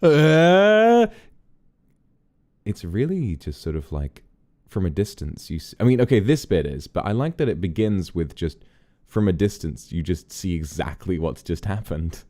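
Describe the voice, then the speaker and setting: Male streamer, deep dark voice, lively pitch, unhurried and chatty about films. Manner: musing, rambling and chatty. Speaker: streamer host. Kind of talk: casual film watch-along commentary.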